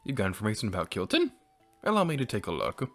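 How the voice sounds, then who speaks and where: A courteous male traveler from a video game, voiced by a man, speaking in a quiet, formal way and using low tones with a softer delivery. Behind him, faint game music plays throughout. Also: wildly swooping pitch, quick pace, full character voice. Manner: courteous, formal, softly spoken. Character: polite male traveler in the game hunting a monster.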